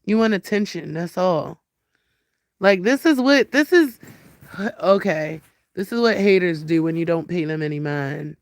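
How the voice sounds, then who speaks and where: A woman's voice: fairly low pitch, lively intonation, measured pace, no room sound, studio quality. Blunt, profane woman ranting on a livestream. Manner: blunt, profane, talks to her cat and viewers. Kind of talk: casual livestream rant.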